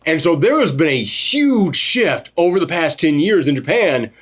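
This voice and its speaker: A man co-hosting a casual film review chat, animated, swearing freely and mimicking characters as he goes. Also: fairly high pitch, moderate pace. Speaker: podcast co-host reviewing a film.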